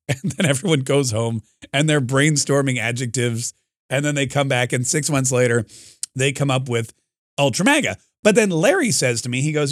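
A man's voice: medium pitch, lively intonation, normal speed, no echo, clean studio sound. A middle-aged man hosting a talk show, sarcastic and riffing in a comedic political monologue. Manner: sarcastic, riffs with acted-out quotes and laughs. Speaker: radio talk host.

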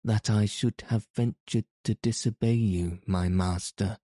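A man's voice: lowish voice, steady tone, a little slow, mellow, dry recording, clean studio sound, close to an everyday voice. A man voicing a timid male imp servant who pleads humbly and stammers in fear. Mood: pleading, fearful.

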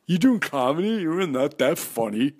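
A woman's voice: deep voice, very animated, moderate pace, a little mellow, slightly rough, voice pushed up, exaggerated voice. A man voicing a chatty young woman, an old friend who teases him and doubts he is funny. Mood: chirpy, doubtful. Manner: skeptical, teasing.

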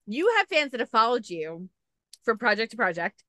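A woman's voice: fairly high pitch, very animated, moderate pace, bright, forceful tone, no room sound, clean studio sound. A woman hosting a casual interview, gushing like a devoted fan as she asks her questions. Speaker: interviewer, host.

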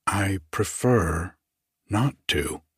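Man voicing a pale quiet clerk who just won't budge, soft and slow, husky low storybook voice. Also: big pitch swings, no echo, clean studio sound, full character voice. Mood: mild refusal. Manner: mild, slow, quietly unyielding. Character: pale, meek, stubbornly passive male scrivener.

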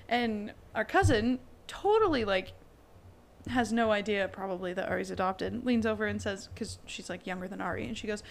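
A woman in her twenties, a podcast co-host, telling family stories in casual chat, animated and laughing often as she acts out quotes. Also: mid-range voice, moderate pace, gravelly.

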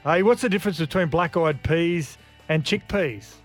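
A man's voice: on the high side, moderate pace, loud music behind the voice. A man telling dad jokes and laughing at his own punchlines. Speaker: joke teller.

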